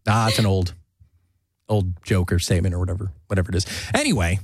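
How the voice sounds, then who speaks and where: A man's voice: low-pitched, fairly even intonation, fast talker, breathy edge, no echo, studio quality. A man from New Jersey with a slight New Jersey accent, hosting a podcast in a casual, chatty way, often restarting and laughing. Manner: chatty, self-interrupting, laughs easily. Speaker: podcast host. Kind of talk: casual chat.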